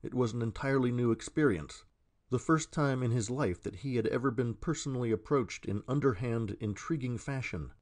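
A man reading an audiobook in a measured, scripted narration. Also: medium pitch, darkish tone.

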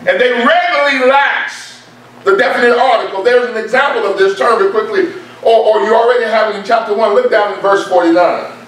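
Heard from a distant mic in a very echoey church, this preacher sits high in pitch, talks a little fast, and sounds a bit bright. He delivers his sermon emphatically, repeating key points to drive them home.

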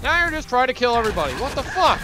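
A man doing jokey, profane, excitable gameplay commentary as a let's play host. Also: extremely high pitch, rapid-fire, background noise.

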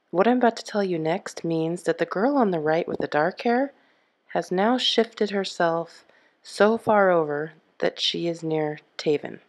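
Low gravelly woman vlogger, echoey room. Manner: chatty, animated, acts out quotes. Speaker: family travel vlogger. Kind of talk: casual storytelling to camera.

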